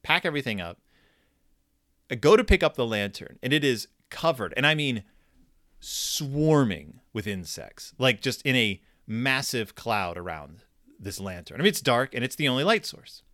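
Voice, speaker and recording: A man in his thirties tells rambling, self-deprecating stories on his own podcast, often restarting his sentences. His voice is bright and lively and swings widely in pitch. The sound is dry and close, with no room around it. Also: moderate pace, no echo. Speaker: podcast host. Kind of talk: casual storytelling monologue.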